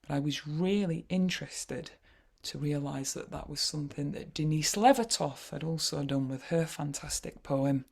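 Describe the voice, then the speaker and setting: A woman with a Yorkshire accent leading an online poetry workshop over a video call, chatty and wry, often pausing with "uh". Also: low-pitched, gravelly, a little mellow, breathy edge. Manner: chatty, wry, frequent hesitations.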